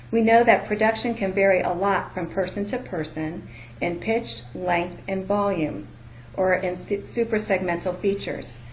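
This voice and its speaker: A woman's voice: mid-range voice, slight background noise, rough recording. A woman instructor giving a careful, explanatory lecture narration.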